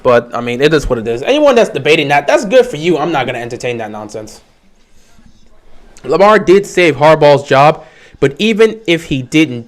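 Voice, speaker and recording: A man's voice: on the high side, a bit bright. A man hosting a casual sports fan livestream, talking in an opinionated, emphatic way, repeating his points and answering viewers' questions. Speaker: livestream host.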